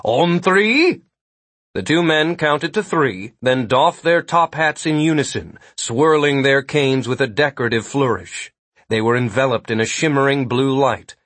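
A man narrating a fantasy story in a measured audiobook style. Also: mid-range voice, a bit bright, no echo. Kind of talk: scripted narration.

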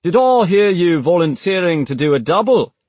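A hearty, barking army officer, as a narrator puts him on. He is loud and pitched well above the narration, with a husky edge. The recording is close and dry. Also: big pitch swings, normal speed, no echo. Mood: bluff. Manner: loud, good-natured barking.

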